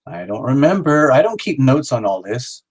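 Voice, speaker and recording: A man's voice: mid-range voice, very animated, moderate pace. A middle-aged man hosting a live tarot stream, rambling and joking as he calls out viewers by name. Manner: jokey, rambling, talks straight to viewers by name.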